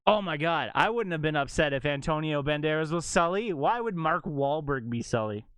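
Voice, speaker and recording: Male streamer, casual ranting chat, very lively pitch, dry close mic. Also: normal speed, clear, resonant tone, no room sound. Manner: animated ranting, jumps to high exclaims and laughs.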